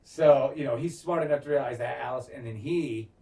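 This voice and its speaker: Animated man recapping a show episode. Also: mid-range voice, fairly quick, gravelly, far from the mic. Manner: animated, swears a lot, acts out lines. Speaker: podcast co-host. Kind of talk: casual recap chat.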